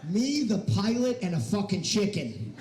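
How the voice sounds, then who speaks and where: A man doing a stand-up comedy set on a stage in a hair salon, animated and swinging into loud shouted punchlines. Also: high-pitched, measured pace. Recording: roomy echo of a live room.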